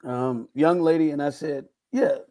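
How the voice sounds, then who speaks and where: A man's voice: on the high side, measured pace. A man hosting a casual sports podcast, telling stories with playful mock indignation. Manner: animated storytelling, playful indignation. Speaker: podcast host.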